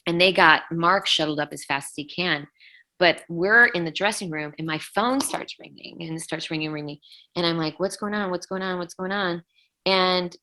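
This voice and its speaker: A middle-aged woman with a low voice tells a painful story as an interview guest. Her tone is bright and forceful, and she acts out each quoted line with lots of "like"s as she goes. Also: rough recording. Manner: vivid retelling, acting out quotes, many "like"s. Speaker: rock vocalist, interview guest.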